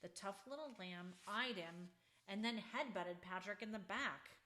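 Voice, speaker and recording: A woman author reading her children's book aloud in an expressive, unhurried storybook manner. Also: medium pitch.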